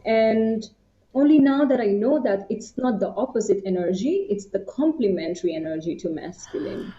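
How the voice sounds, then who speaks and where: A woman's voice: mid-range voice, expressive, moderate pace, dark tone. A young woman from India telling her personal story as an interview guest, reflective and hesitant. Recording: roomy, slightly muffled.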